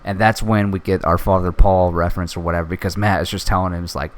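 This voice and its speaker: Man, podcast host, casual solo review talk, lowish voice, excitable, swears a lot. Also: fast, a little hiss or hum. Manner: excitable, swears often, many fillers.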